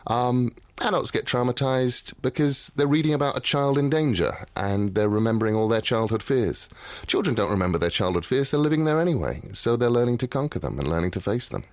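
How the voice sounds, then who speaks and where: A man's voice: mid-range voice, animated, brisk, few pauses, dry recording. A man guesting on a radio interview as an author, telling stories in a dry, wry way in a studio.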